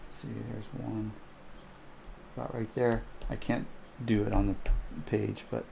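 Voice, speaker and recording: A man's voice: lowish voice, level tone, unhurried, vocal fry, dark tone, a little hiss or hum. A man teaching calculus in a recorded homework walkthrough, thinking aloud as he sketches graphs and corrects himself. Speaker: math teacher.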